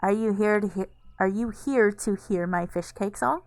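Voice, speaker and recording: A woman's voice: mid-range voice, normal speed, dry recording, close to an everyday voice. A woman reading out a chirpy sing-song villager. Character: cheerful villager proud of a silly song.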